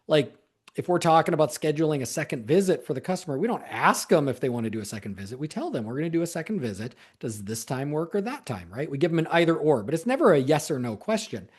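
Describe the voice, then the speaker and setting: A man's voice: fairly high pitch, husky. A man speaking as a sales coach, giving conversational advice in a solo talk, often repeating words and stressing key points.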